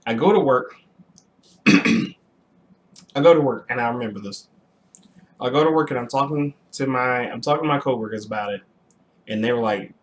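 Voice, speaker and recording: Animated young man telling his story. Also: mid-range voice, slight background noise. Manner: animated retelling with repeated restarts and throat clearing. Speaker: vlogger telling a personal story. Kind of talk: casual storytime monologue.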